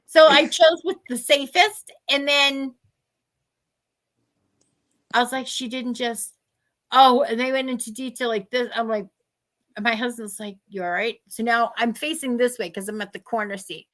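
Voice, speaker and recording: Female co-host, high and bright, lively casual storyteller who mimics others. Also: normal speed, pauses often. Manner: animated storyteller, acts out other people's lines. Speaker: podcast co-host.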